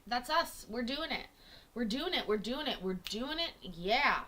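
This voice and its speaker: A woman chats to her live viewers from a home kitchen, her voice high and bright. She jokes, teases herself and swears freely, but she talks slowly and takes her time. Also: lively intonation. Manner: chatty, jokey and self-teasing, swears freely. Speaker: livestream host reacting to court videos. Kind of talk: casual chat to a live audience.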